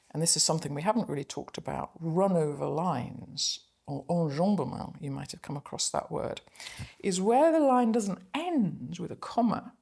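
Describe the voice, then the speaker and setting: A middle-aged woman lecturer talking through a poem reflectively, reading its German lines slowly aloud. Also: fairly low pitch, creaky, husky. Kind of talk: spoken poetry analysis lecture.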